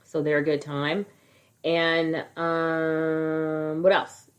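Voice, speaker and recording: A woman's voice: sits low, monotone, extremely slow. A woman in her thirties co-hosting a podcast, chatting casually, swearing freely and laughing often. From California. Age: 30s. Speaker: podcast co-host. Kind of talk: casual chat.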